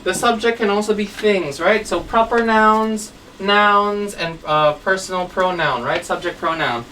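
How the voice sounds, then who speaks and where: A woman's voice: mid-range voice, unhurried, fairly bright tone, distant mic, slight background noise, low-quality recording. Woman teaching grammar at a whiteboard. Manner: patient, checks in with frequent "right?" and "okay?". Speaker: English teacher. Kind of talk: classroom grammar lesson. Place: classroom with a whiteboard.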